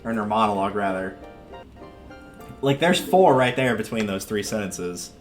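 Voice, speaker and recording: A man's voice: fairly low pitch, lively intonation, normal speed, faint music behind. A man giving casual gameplay commentary on a livestream, chatty and wry, joking as he plays.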